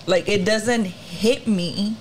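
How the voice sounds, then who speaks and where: A woman's voice: mid-range voice, slow, a little hiss or hum. A woman co-hosting a podcast, chatting expressively and slipping Spanish phrases into her English. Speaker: podcast co-host. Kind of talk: casual chat.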